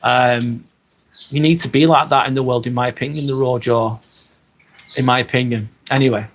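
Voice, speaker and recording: Speaking at a moderate pace in a mid-range voice with fairly even intonation, a livestream host from Lancashire in Northwest England reads out his chat. He keeps it casual with his viewers and swears without holding back.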